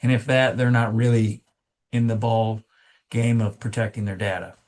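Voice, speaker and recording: A man's voice: lowish voice, level tone, moderate pace, a little mellow. Casual, emphatic man in a meeting. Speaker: committee member. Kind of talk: meeting discussion.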